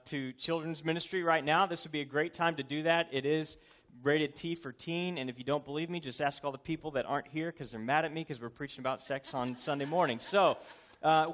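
A man's voice: on the high side, a bit bright. A man in his thirties, a pastor, preaching a sermon in a conversational, joking yet earnest way.

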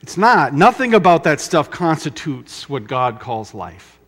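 Middle-aged guy preaching, really slow pace, emphatic, repeats lines for effect. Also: a little high, big pitch swings, a bit bright. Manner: emphatic, dramatic pauses, repetition. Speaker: pastor. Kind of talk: sermon.

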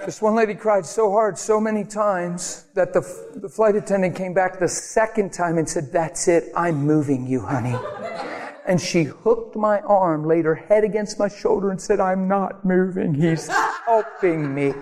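A man preaching a sermon in a storytelling way, animated, laughing often and acting out the voices of the people in his stories. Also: high voice, moderate pace, big-room sound, a crowd in the background.

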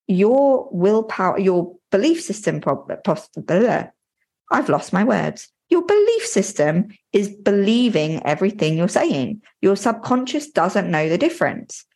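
A woman's voice: mid-range voice, sing-song, unhurried, a little mellow. A woman hosting a podcast and coaching listeners directly, in an earnest and plain-spoken way. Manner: plain-spoken, slightly informal. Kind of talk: motivational podcast talk.

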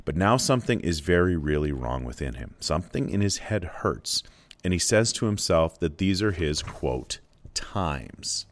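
A man giving a literature lesson, explaining a novel with measured, expressive reading. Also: sits low. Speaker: literature lecturer. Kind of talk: book analysis with read-aloud passages.

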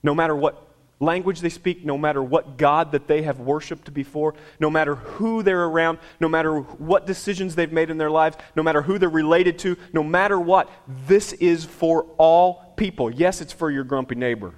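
Man preaching, fairly high voice, emphatic, conversational, repeats phrases. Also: moderate pace. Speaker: pastor. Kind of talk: sermon.

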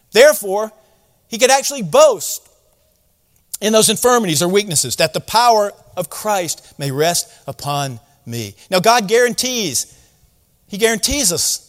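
Preaching with a long reverb tail behind his high-pitched voice, this pastor works through a Bible passage in a conversational style. He keeps asking his audience rhetorical questions.

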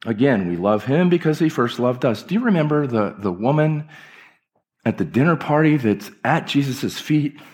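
A man's voice: medium pitch, lively intonation, moderate pace. A male pastor delivering an impassioned, emphatic church sermon with repeated phrases. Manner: impassioned, emphatic preaching with repetitions.

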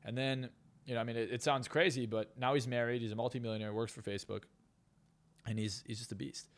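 A man who works as a hypnotist and success coach appears as a guest on a casual podcast interview, telling boastful stories at a fast clip. His voice is medium in pitch with fairly even intonation.

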